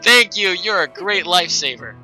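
A man reading for a young woman stuck far from home with her hurt bird. The lines come flat and quick, like text read off a game screen, in a bright, sharp voice that sits a bit high. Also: faint music behind, full character voice. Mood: pleading.

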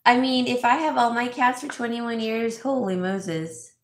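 A woman's voice: fairly high pitch, measured pace. A woman vlogging casually from home, chatting with her viewers in a gushing way and often restarting her sentences. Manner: chatty, gushing, thinks aloud with many restarts. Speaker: home stager and DIY vlogger. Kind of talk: casual live chat reading viewer comments. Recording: roomy echo.

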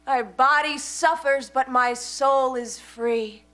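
A woman's voice: high-pitched, slow pace, fairly bright tone. Melodramatic teen girl artist. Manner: melodramatic, self-absorbed. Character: melodramatic self-absorbed teenage girl artist.

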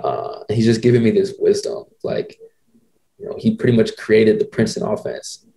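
A man in his twenties hosting a podcast, telling a story in an animated, slangy way. He often acts out other people's lines. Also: lowish voice, normal speed. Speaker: podcast host. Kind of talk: casual storytelling.

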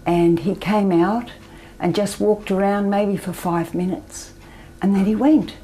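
An older Australian woman telling her personal story as an interview guest, soft-spoken and often trailing off into near-whispers. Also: mid-range voice, steady tone, measured pace, poor audio. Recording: faint background noise.

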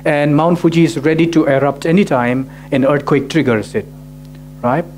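A man's voice: a little high, moderate pace, a little mellow, slight background noise. A male pastor preaching a sermon, asking rhetorical questions and often adding "right?" to his sentences. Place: church gathering.

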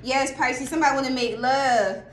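A woman reading tarot in a casual, excitable way, laughing often and breaking into bits of song. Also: high-pitched, normal speed, roomy sound, slight background noise. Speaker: tarot reader.

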